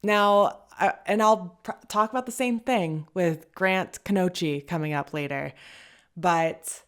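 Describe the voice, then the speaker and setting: A woman's voice: lowish voice, unhurried, clear, resonant tone. A woman hosting a casual commentary show, chatty and hedging, often laughing as she talks. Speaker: podcast host.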